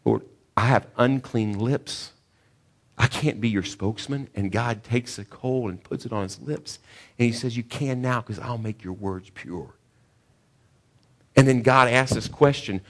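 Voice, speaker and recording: A man's voice: lowish voice, normal speed. A male pastor preaching a sermon on a scripture passage, earnest, often stumbling and repeating words before pushing to emphatic questions.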